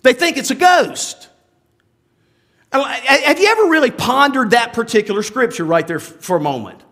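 A man's voice: extremely high pitch, lively intonation, moderate pace, pushed and bright. A man preaching a sermon in a conversational way, with many asides and restarts, often asking the listeners rhetorical questions. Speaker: pastor.

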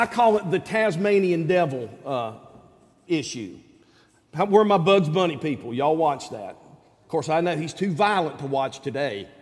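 A middle-aged pastor with a notably high voice delivers a folksy, animated sermon. His voice rings out with a long hall reverb, and his speech sometimes climbs into shouts.

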